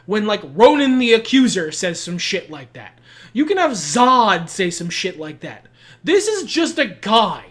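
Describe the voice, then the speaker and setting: A woman's voice: mid-range voice, sing-song, a little slow. A woman co-hosting a podcast, ranting emphatically about a film in casual chat and swearing freely. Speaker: podcast co-host.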